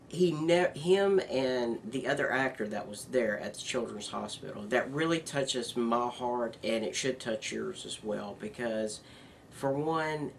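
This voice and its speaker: Slow-talking male vlog host. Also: mid-range voice, gravelly, a little hiss or hum. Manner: rambling, earnest, bursts of announcer hype. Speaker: show host. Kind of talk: casual news vlog.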